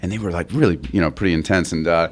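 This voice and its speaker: Middle-aged guy actor rambling through a story, lowish voice, keeps restarting and laughing, does the other people's lines higher. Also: rapid-fire. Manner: acts out others' lines in a raised voice. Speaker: interview guest, actor. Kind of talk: casual anecdote telling.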